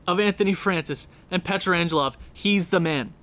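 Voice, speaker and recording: A young man casually commentating his hockey video game season, quick and excitable as he recaps scores. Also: high voice, slight background noise. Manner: excitable, talks fast through game recaps. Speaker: gaming YouTuber.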